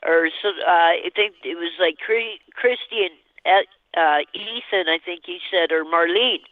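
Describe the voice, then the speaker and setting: A woman calling in to a show, telling a personal story in a halting, rambling way with nervous laughs. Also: lowish voice, dry recording. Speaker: caller. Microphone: telephone. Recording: tinny phone line.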